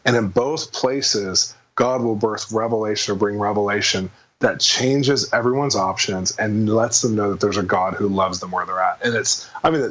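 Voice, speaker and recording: Man, low husky voice, rapid animated storytelling, dull lo-fi sound. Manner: fast, animated storytelling with acted quotes. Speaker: guest minister. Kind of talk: casual testimony storytelling.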